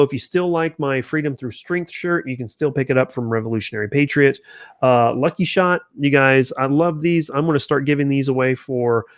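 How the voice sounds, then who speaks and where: A man's voice: a little high, no echo, clean studio sound. A man hosting a casual livestream, chatting loosely with viewers, restarting sentences and reacting to their comments. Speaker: channel host.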